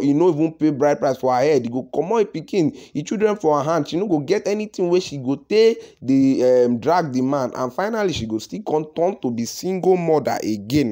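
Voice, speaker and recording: A man with a Nigerian accent giving animated celebrity gossip commentary, repeating himself and calling out to his viewers. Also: fairly high pitch. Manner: animated, repetitive, addresses viewers as "my country people".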